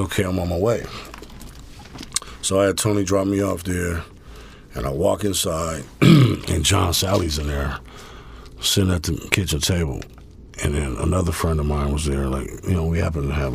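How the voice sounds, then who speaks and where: Man, very deep voice, gravelly, laid-back, profane storytelling, interview guest. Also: steady tone, normal speed. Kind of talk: casual storytelling.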